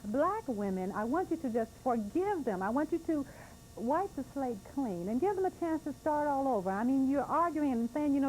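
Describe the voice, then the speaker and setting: A woman speaker reading her own poetry and telling a story to an audience in an earnest, emotional way, drawing out lines slowly. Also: fairly high pitch, expressive, darkish tone, slight background noise, rough recording. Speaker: poet and speaker.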